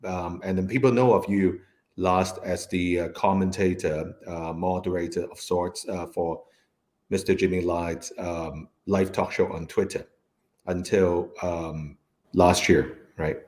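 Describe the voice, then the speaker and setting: A man's voice: low-pitched, fairly even intonation, unhurried, darkish tone. A man hosting an interview, speaking hesitantly with many fillers. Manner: hesitant, with many ums and uhs. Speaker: talk show host. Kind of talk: conversational interview.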